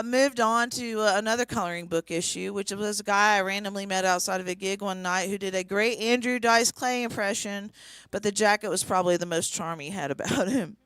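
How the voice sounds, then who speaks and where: A woman's voice: mid-range voice, a bit bright, clear, resonant tone, no echo. A woman in her forties doing a stand-up set, telling dating stories in a conversational way with dry punchlines. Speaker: stand-up comedian. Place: small comedy venue.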